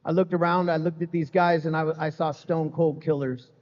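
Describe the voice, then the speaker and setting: A man's voice: fairly high pitch, steady tone, moderate pace. A middle-aged man sharing his recovery story with a live audience, candid and humorous, talking casually with lots of "man" and "you know". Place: event hall with live audience. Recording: echoey hall, slightly muffled sound.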